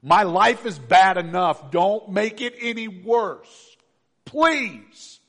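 A man putting on a tormented possessed man who begs in a strained, high, loud cry. The voice is husky, and a long hall reverb trails behind it. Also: expressive, slow pace, exaggerated voice. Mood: desperate pleading. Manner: pleading, rising to a cry.

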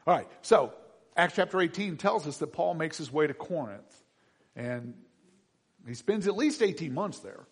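A pastor delivers a conversational sermon to his congregation, his voice a little high with a breathy edge and a normal pace. He is animated, acting out quotes and putting questions to the people listening.

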